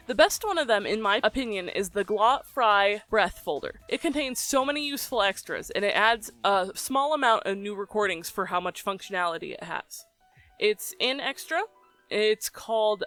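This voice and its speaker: Bright-voiced casual tutorial explainer. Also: mid-range voice. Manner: relaxed, chatty, with frequent ums.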